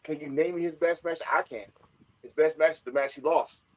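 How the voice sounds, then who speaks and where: A man on a podcast in casual chat, excitable and loud, who often acts out other people's lines. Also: on the high side, a little fast, poor audio. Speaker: podcast co-host.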